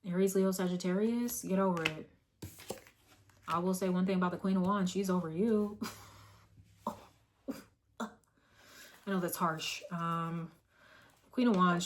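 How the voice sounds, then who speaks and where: A hoarse woman doing a casual tarot reading, blunt and profane with a teasing tough-love manner. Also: lowish voice, background noise. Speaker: tarot reader.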